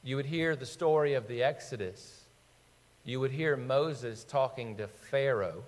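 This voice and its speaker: A man's voice: medium pitch, measured pace, in a large hall. A man preaching a sermon as pastor, emphatic, asking his listeners rhetorical questions and quoting scripture.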